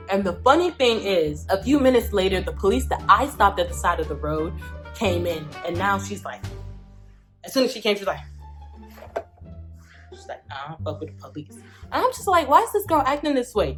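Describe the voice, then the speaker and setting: Emphatic young woman telling a story. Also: medium pitch. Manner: emphatic, profane, repeats lines for effect. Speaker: vlogger. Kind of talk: storytime vlog.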